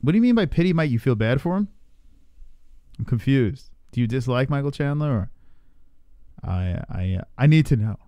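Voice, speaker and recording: A man's voice: mid-range voice, animated, moderate pace, pauses often, mellow, no room sound, studio quality. A man hosting a casual live fight reaction stream, reading viewer comments aloud and bantering. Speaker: livestream host.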